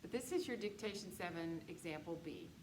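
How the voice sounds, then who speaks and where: A woman's voice: on the low side, animated, fairly quick. A woman teaching a music theory lecture, patiently explaining dictation exercises and counting beats aloud. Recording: echoey room with background noise.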